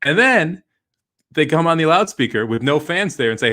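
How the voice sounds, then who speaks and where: A man co-hosting a casual podcast, animated and teasing, laughing often. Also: fairly high pitch, normal speed. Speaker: podcast co-host. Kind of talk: casual chat about horse racing.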